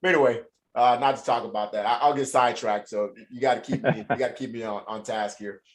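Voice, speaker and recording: Rambling, friendly american host. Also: male voice, medium pitch, steady tone, fast talker. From Louisiana, United States. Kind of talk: casual interview chat.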